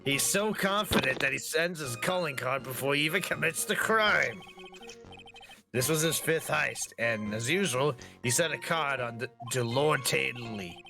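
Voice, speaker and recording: A man's voice: mid-range voice, expressive, normal speed, creaky. Man playing a bumbling nervous cop, stammering, game music behind. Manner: hesitant, stammering. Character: nervous bumbling male police officer.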